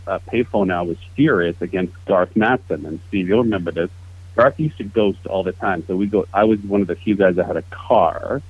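A man in his fifties telling a profane, animated story to old friends over a call. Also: sits low, breathy edge. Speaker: podcast guest. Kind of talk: casual storytelling. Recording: tinny phone-like call audio.

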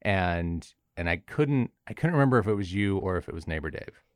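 A man's voice: deep voice, animated, a little fast, no room sound, clean studio sound. A young adult man co-hosting a podcast in casual chat, rambling and self-deprecating with frequent restarts. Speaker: podcast co-host.

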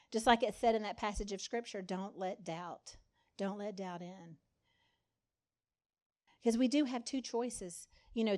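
Her voice fairly high and a little mellow, a woman gives a sermon in a conversational style. When quoting the story's characters, she acts out their lines in different voices.

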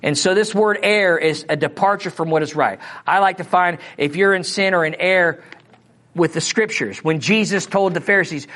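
A man's voice: on the high side, moderate pace, fairly bright tone. Missouri man teaching from the Bible. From Missouri, USA. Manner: conversational, asks the audience questions. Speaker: preacher.

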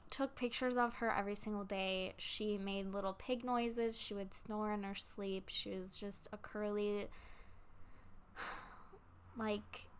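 A young woman in her twenties, close to tears, telling a personal story to camera in a halting way with many pauses and fillers. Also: medium pitch, fairly even intonation, clear, resonant tone. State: tearful, close to crying. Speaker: vlogger.

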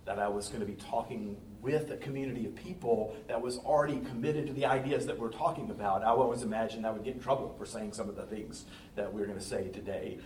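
A man's voice: medium pitch, a little mellow, reverberant, recorded from a distance, slight background noise, low-quality recording. A man in his fifties from the Southern United States, a pastor speaking to a congregation in a folksy, engaging way. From Southern US, North Carolina. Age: 50s. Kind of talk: talk to a congregation. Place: church sanctuary.

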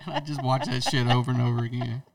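A man's voice: mid-range voice, little pitch movement, quick pace, gravelly, distant mic. A man co-hosting a casual podcast chat, brash and joking, swearing often. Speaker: podcast co-host.

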